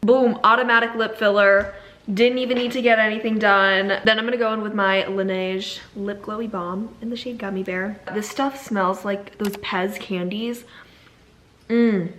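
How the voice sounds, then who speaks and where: A woman's voice: medium pitch, steady tone, normal speed, a bit bright, slight background noise. A young woman chatting casually and playfully through her vlog, from home and then outside on errands. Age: young adult. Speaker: vlogger.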